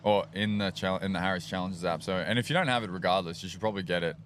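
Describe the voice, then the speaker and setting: A man's voice: low-pitched, fairly even intonation, fast, a bit bright, slight background noise. A man from Queensland with an Australian accent, co-hosting a live race stream with jokey, teasing casual banter. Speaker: livestream co-host. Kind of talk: casual live event commentary.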